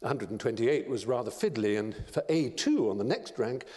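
A man giving a lecture, telling stories in an expressive, theatrical narrating style. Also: mid-range voice, fairly quick. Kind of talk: dramatic storytelling lecture. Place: large lecture hall. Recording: long reverb of a large lecture hall.

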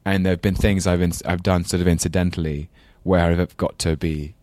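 A man's voice: deep voice, steady tone, fairly quick, darkish tone, dry recording. A man with a London English accent, chatting as an interview guest, thoughtful and rambling, with self-deprecating laughs. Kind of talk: casual interview chat.

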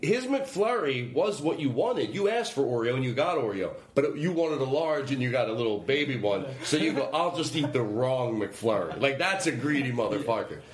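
Man, podcast host, rambling playful chat, lively up-and-down voice, echoey room at home. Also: medium pitch, a little fast, few pauses. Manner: rambling, playful, laughing often. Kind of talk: casual chat. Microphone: handheld recorder. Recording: roomy home recording.

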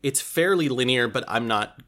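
A man's voice: mid-range voice, expressive, normal speed, sharp tone. Self-deprecating man chatting as a guest. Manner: self-deprecating, frequent restarts and laughs. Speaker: podcast guest, game designer. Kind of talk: casual interview chat.

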